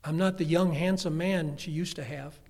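In a long, reverberant hall, an older man gives a sermon as pastor, recounting family stories with humorous asides in a lively manner. His pitch is fairly high, his pace moderate, and his voice creaky.

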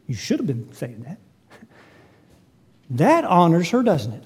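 A man preaching a sermon, swinging between loud, emphatic lines and quiet asides as he works through a scripture passage. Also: on the high side, sing-song, measured pace, pauses often, breathy edge. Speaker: pastor.

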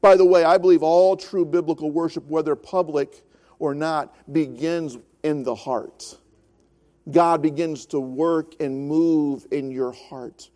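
A man in his fifties preaching a sermon as pastor, earnest, rising in force and then dropping to a soft, slow hush. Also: a little high, steady tone. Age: 50s.

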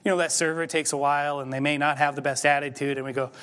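A man delivering a sermon in a church, his fairly high voice carried by a long hall reverb. He talks to the congregation in a conversational way, then builds to emphatic, forceful peaks. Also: flat delivery, fast talker, smooth. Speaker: pastor. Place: church sanctuary.

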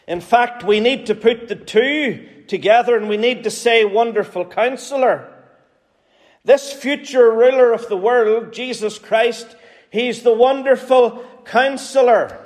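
A man's voice: very high voice, takes it slowly. A man with a Northern Irish accent preaching a sermon in an earnest, pleading way, repeating phrases for emphasis. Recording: hall reverb.

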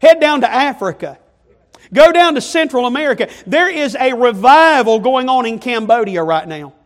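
A man's voice: very high voice, lively intonation, moderate pace. A man preaching a sermon, stressing points through repetition and rhetorical questions.

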